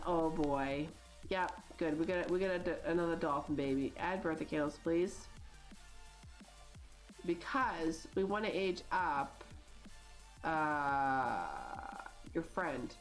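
A woman's voice: low voice, measured pace, soft background music. A woman in her thirties, hosting a gaming channel, chatting casually and rambling with lots of likes and you-knows as she plays. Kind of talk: casual chat while playing a life-sim game.

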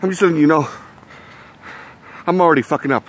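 A man's voice: a little high, fast talker. A man acting out a spoof horror reaction, swearing and exclaiming in mock panic. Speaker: comedy YouTuber.

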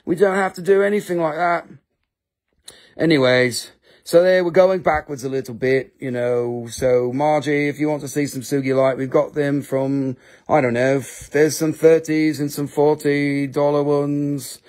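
A man hosting a live crystal sales stream in a casual, rambling, joking way, swearing freely and sometimes putting on high-pitched mock voices. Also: steady tone, moderate pace, a little mellow.

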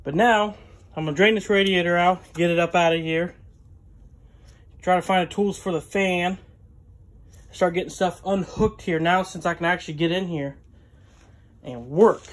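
A man's voice: high voice, fairly even intonation, moderate pace, long pauses. A man narrating casually while he works on a vehicle in his home garage, rambling with lots of fillers and sometimes out of breath. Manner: rambling, filler-heavy, talks while wrenching. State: out of breath at times. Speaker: garage vlogger. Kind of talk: casual work-along narration.

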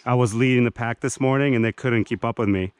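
A man's voice: mid-range voice, steady tone, fast, clean tone, dry recording. A man hosting a casual camping vlog in a forest, teasing his friends and talking in a rambling, joking way. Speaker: vlogger. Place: outdoors in a forest campsite.

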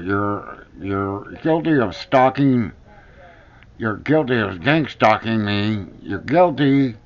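A vlogger launches into a heated, profane rant to the camera, angrily hammering home the same accusations again and again. His voice is on the low side with a fairly bright tone, captured in a dull lo-fi recording.

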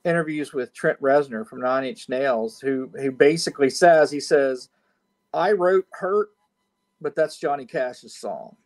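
A man co-hosting a casual reaction podcast, talking in a relaxed, enthusiastic way. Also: medium pitch, unhurried. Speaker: podcast co-host.

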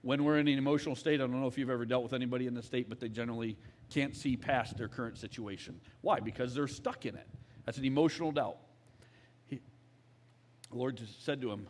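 A man preaching in a church, speaking plainly and candidly as he talks to the crowd. His pitch is mid-range, and he keeps checking in with an easy "all right?". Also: animated, fairly quick. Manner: conversational, candid, often asks "all right?". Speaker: executive pastor. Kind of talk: sermon.

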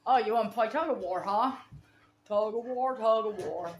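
A woman's voice: a little high, moderate pace, reverberant, a little hiss or hum. A woman filming her dogs at home, coaxing and scolding them between commands. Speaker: dog owner filming her pets. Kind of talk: casual home vlog narration. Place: home, near a kitchen.

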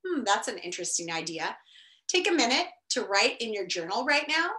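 A woman teacher reading a novel aloud to students, expressive, with chatty asides. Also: a little high, fairly quick. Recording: roomy echo.

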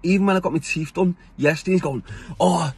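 A man's voice: fairly high pitch, quick pace, husky. A middle-aged man with a British accent, ranting bluntly to camera in a casual vlog, swearing freely and laughing often between points. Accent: British English. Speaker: vlogger.

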